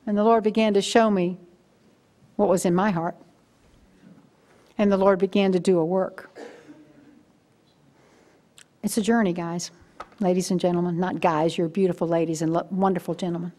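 A woman's voice: fairly low pitch, steady tone, moderate pace, pauses often, warm tone. Brief: older female guest preacher, chatty storytelling sermon delivery.

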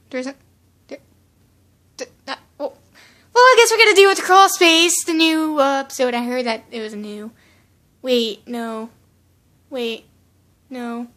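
A woman voicing a timid, soft-spoken female cartoon pony who reacts to a video, hesitant and full of ums, easily startled. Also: high voice. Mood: flustered. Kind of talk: fan reaction commentary in character.

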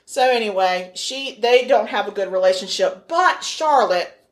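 Woman podcast co-host, mid pitch, animated and jokey storyteller. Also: normal speed. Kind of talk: casual chat.

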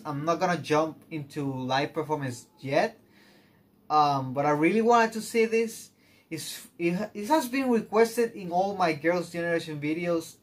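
A man chatting to the camera as a music video reactor, gushing like an excited fan. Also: fairly high pitch, slight background noise. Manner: chatty, gushing fan talk full of "oh my gosh". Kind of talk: casual reaction chat.

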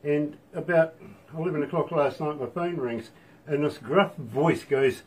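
A man's voice: a little high, measured pace, a little mellow, recorded from a distance, low-quality recording. A man hosting a radio interview, chatting casually and joking, laughing often, in a radio studio. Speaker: radio host.

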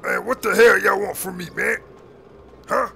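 A man voicing an irritated gang leader in a role-play game video, talking in a gruff, confrontational way. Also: high voice, fairly even intonation, normal speed, sharp tone, faint music behind, exaggerated voice. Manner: annoyed, confrontational street talk.

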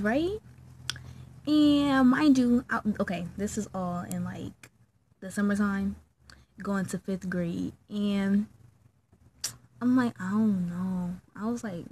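A young woman vlogger casually telling a story from childhood, acting out the people in it with sudden high squeaky voices. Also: a little hiss or hum. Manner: animated, acts out her own and friends' lines in squeaky high voices.

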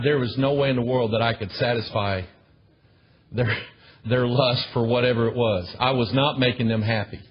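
Husky preacher pressing his point. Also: medium pitch. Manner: emphatic, repetitive, calls for amens. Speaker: pastor. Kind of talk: sermon. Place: church with a congregation. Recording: dull lo-fi recording.

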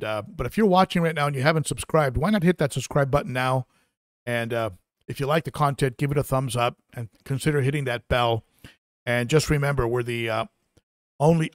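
A man's voice: mid-range voice, dry recording, clean studio sound. A man hosting a live stream, chatting casually and reading out viewer comments, with lots of fillers and restarts. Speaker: aquarium channel host.

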